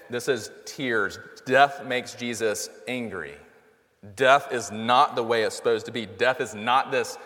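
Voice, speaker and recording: A man's voice: mid-range voice, fairly bright tone. Earnest man preaching in a reverberant hall. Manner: earnest, conversational preaching with rhetorical questions. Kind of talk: sermon.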